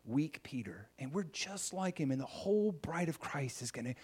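A man's voice: fairly high pitch, expressive, normal speed, darkish tone, husky. A man preaching a sermon in a conversational storytelling way, acting out the scenes he tells.

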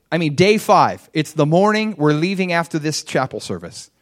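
A man's voice: a little high, normal speed, hardly any pauses. Middle-aged guy preaching, storytelling, voice jumps all over the place. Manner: animated storytelling, acting out his own inner voice. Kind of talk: sermon.

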